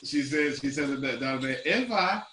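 A man's voice: medium pitch, lively intonation, fairly quick, bright, forceful tone, echoey room, distant mic, slight background noise. A man coaching a group, talking playfully and teasing, laughing often. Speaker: business coach.

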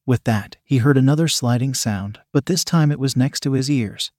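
A man's voice: mid-range voice, normal speed, few pauses, darkish tone, no room sound, studio quality. Man reading an erotic story aloud. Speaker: story narrator. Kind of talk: scripted erotic story narration.

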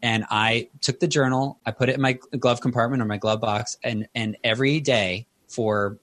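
A man's voice: medium pitch, fairly even intonation, moderate pace, fairly bright tone, no echo. A man in his thirties, a guest author in an interview, telling personal stories in an earnest, conversational way.

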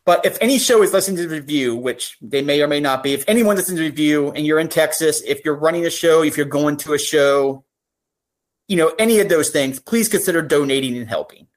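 A woman's voice: low-pitched, fast. Earnest woman guest on a podcast. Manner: earnest, heartfelt, talks through ideas at length. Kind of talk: casual podcast chat.

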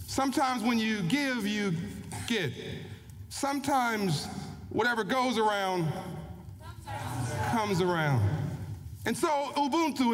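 A man giving a motivational speech, telling a personal story in an earnest way and often repeating words as he builds up. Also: very high-pitched. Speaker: keynote speaker. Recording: long hall reverb, faint background noise.

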